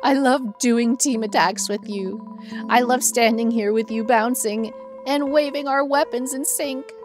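A woman's voice: a little high, a little slow, over music, lightly acted. A woman playing a bashful lovestruck guard. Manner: hesitant, stammering. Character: bashful young male armored guard, lovestruck.

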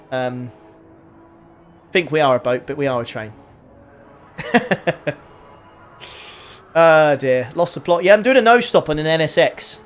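A man giving casual, self-mocking commentary while live-streaming a racing game. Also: on the high side. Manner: chatty, self-mocking, quick to laugh.

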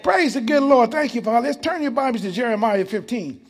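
A man's voice: very high voice, animated, fairly quick. A man, preaching as pastor in a church, emphatic and full of rhetorical questions. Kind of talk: sermon.

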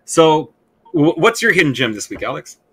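Bright, excitable man swearing casually. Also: a little high, moderate pace, husky. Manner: excited, profane, rambling. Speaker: podcast co-host. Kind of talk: casual chat.

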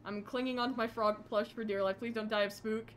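A woman's voice: on the high side, steady tone, fairly quick, slight background noise. A young woman streaming a horror game live, jittery and self-deprecating, chatting with her viewers. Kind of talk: casual live gameplay commentary.

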